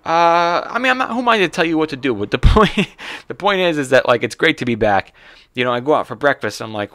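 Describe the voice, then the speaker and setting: On his own podcast, an American comedian rambles through a casual solo monologue, swearing freely, staying animated, and restarting often. He talks fairly quickly in a clear, resonant mid-range voice, with no room sound.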